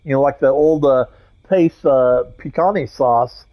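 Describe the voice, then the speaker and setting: In a mid-range, unhurried voice, a man who streams games shares an army anecdote from his veteran days, profane and meandering, with plenty of fillers and restarts. The audio has its highs cut off.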